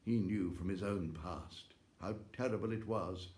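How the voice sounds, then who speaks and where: A man's voice: sits low, measured pace, darkish tone, slight background noise. A male actor reading a fairy tale aloud at home in a theatrical way, with gasps and exclamations. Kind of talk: expressive storybook reading. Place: home, during lockdown. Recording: echoey room.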